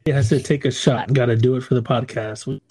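A man's voice: medium pitch, steady tone, quick pace, darkish tone, husky. A man co-hosting a casual podcast, joking loosely, laughing often and reading listener emails aloud. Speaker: podcast co-host. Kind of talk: casual chat.

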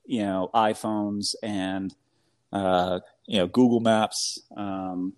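American man, 30s, low voice, rambling anecdote-teller, filler-heavy. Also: slow pace, smooth. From New England, US. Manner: rambling, animated, heavy fillers, laughs often. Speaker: guest. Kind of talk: casual storytelling chat.

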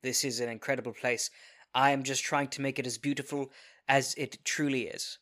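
Man with a bright sharp voice, playing his character all formal and polite. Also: mid-range voice, little pitch movement, fairly quick. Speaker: player. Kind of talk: in-character tabletop play.

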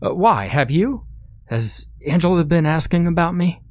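A man's voice: mid-range voice, big pitch swings, unhurried, a little mellow, husky, no room sound, studio quality. A man voicing a frightened, nervous young male office worker who stammers in a panic. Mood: frantic.

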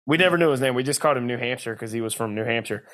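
A man's voice: mid-range voice, very fast, fairly bright tone. A man co-hosting a podcast, telling rambling stories in casual chat and laughing often. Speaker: podcast co-host.

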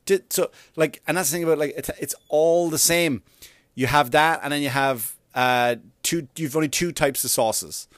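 A man's voice: fairly high pitch, normal speed, a bit bright, no echo, clean studio sound. A man doing a stand-up comedy routine, ranting in an exasperated, profane way.

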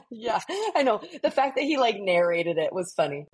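A woman in her thirties with a soft, breathy voice tells a story on a parenting podcast. She rambles and giggles, filling her talk with "like" and "you know.". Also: fairly high pitch, sing-song, unhurried. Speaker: podcast co-host. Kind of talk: casual parenting podcast chat.

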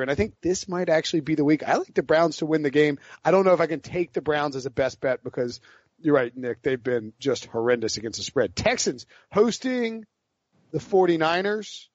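A man's voice: on the high side, darkish tone, dry recording. A man from the American South hosting a sports betting podcast, loose and joking in casual chat. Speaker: podcast host. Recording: dry dull lo-fi podcast audio.

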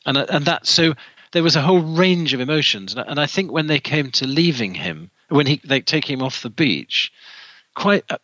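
A man's voice: a little high, animated, moderate pace, sharp tone, dry recording, muffled recording. A man guest in an interview, telling a story with many restarts and fillers. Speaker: author and guest.

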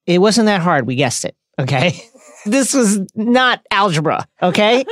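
A woman co-hosting a podcast, recapping a novel with playful, quick asides. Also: mid-range voice, expressive, no room sound, clean studio sound. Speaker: podcast co-host. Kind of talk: casual book-discussion recap.

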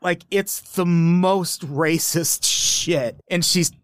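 A man's voice: fairly high pitch, fairly even intonation, extremely slow, dry recording, clean studio sound. A man co-hosting a podcast in casual chat, swearing often, sardonic and riffing. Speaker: podcast co-host.

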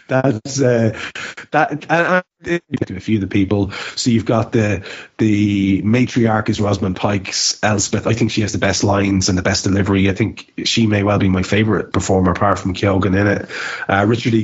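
Podcast co-host, male, low husky voice, animated and stammering, on dull lo-fi audio. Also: normal speed. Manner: animated, restarts often with stammered repeats. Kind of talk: casual film review chat.

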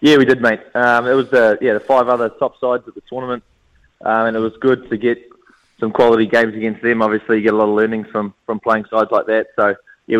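A man with a New Zealand accent, a team captain, answering interview questions over the phone in a relaxed, modest way. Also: lowish voice. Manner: relaxed, modest, many fillers. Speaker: national softball team captain, phone guest. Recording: phone line.

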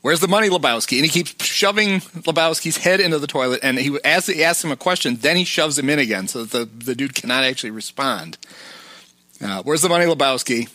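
A man's voice: a little high, lively intonation, a little fast, bright, forceful tone, no room sound. A man hosting a podcast, casually retelling film scenes and quoting lines. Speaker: podcast host.

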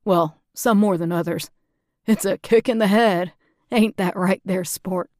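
A woman's voice: medium pitch, a little slow, a little mellow, dry recording, studio quality, lightly acted. A woman voicing a jovial male bartender with a hearty, joshing way of talking.

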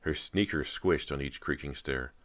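A man narrating a horror audiobook in an even, measured way. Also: rumbling low.

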